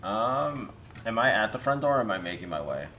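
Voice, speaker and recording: A man's voice: on the low side, sing-song, brisk, pushed and bright, slight background noise. A man playing his character in an online tabletop game, hesitant and polite with many fillers. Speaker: player.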